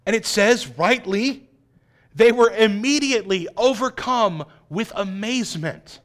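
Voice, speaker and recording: A man preaching a sermon, dramatic, swinging between loud emphasis and hushed, quiet lines. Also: high-pitched, lively intonation, measured pace. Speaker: pastor.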